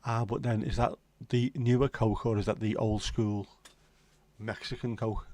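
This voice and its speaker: A man's voice: on the low side, flat delivery, normal speed, dark tone, no echo. A man in his fifties hosting a livestream, chatting in laid-back banter with dry jokes and the odd swear. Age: 50s. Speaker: livestream host. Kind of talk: casual chat.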